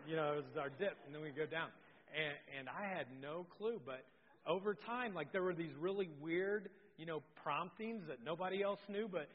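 Pastor, male, middle-aged, lively self-deprecating storyteller; high voice, muffled in a reverberant hall. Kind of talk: sermon. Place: church sanctuary. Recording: dull sound with long hall reverb.

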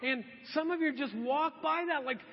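A man's voice: extremely high pitch, moderate pace. A middle-aged man preaching a sermon, earnest and exhorting, repeating his key questions. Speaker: pastor. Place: church sanctuary. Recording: dull sound with long church reverb.

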